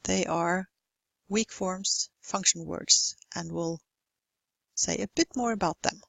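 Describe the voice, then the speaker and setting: A woman teaching English pronunciation in a recorded lesson, speaking in a careful, deliberate way and stretching out example words. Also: on the low side, vocal fry, fairly bright tone, dry recording, rough recording. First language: Norwegian. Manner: slow, careful, deliberate delivery with exaggerated model words.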